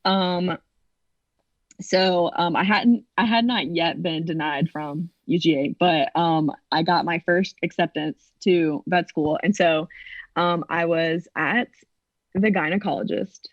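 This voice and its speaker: Woman, 20s, podcast co-host, animated storyteller, filler-heavy, dull dry recording. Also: fairly low pitch, takes it slowly, no room sound. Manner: animated, acts out quotes, many fillers. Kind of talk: casual storytelling.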